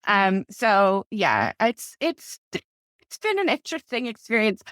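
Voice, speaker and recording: A woman's voice: medium pitch, wildly swooping pitch, takes it slowly, fairly bright tone, dry recording, clean studio sound. A woman author in her thirties, chatting casually in a podcast interview and telling stories with many "like" fillers. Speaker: author guest.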